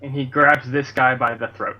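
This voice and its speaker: A man playing a tabletop game, speaking calmly and deliberately. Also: mid-range voice. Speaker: player. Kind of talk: tabletop role-play. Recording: dull lo-fi mic.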